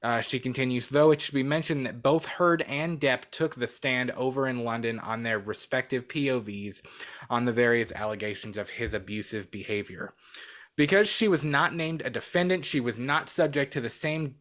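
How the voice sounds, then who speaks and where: A man's voice: medium pitch, moderate pace, fairly bright tone. A man co-hosting a movie news podcast, chatting casually and reading articles aloud with asides. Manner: rambling, reads articles with asides. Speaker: podcast co-host.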